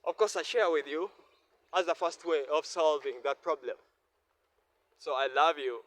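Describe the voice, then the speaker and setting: A man's voice: fairly high pitch, moderate pace, fairly bright tone, dry recording. A Ugandan man talking to his viewers in a vlog, earnest and repetitive, speaking from the heart. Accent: Ugandan English. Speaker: vlogger. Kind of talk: reflective vlog monologue. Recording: faint ambient noise.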